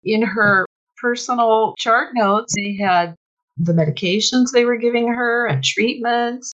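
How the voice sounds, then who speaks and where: A woman author telling stories from her research in an animated conversational way, with sudden bursts of laughter. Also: a little high, unhurried, muffled recording. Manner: animated, breaks into shrieks and laughter when retelling. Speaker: author guest. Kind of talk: conversational storytelling.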